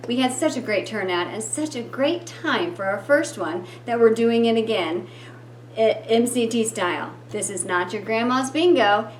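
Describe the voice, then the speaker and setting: A woman with a fairly high voice reads out upcoming theater events, dates and phone numbers in an upbeat way. The room is echoey and a faint hum sits under her voice. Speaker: theater production vice president. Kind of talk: event announcement.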